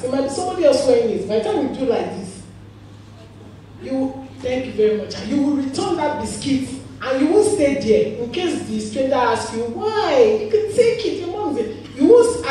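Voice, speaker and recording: A woman pastor with a Nigerian accent preaching a sermon, telling stories with animated laughter. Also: on the high side, a little hiss or hum. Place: church hall. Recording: echoey hall, voice from far off.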